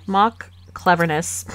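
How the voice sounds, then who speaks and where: A woman's voice: fairly low pitch, lively intonation, takes it slowly, faint music behind. Playful woman chatting over her sim game, sassy, laughs a lot, desk mic. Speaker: gaming channel host. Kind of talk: casual game commentary. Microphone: desk microphone.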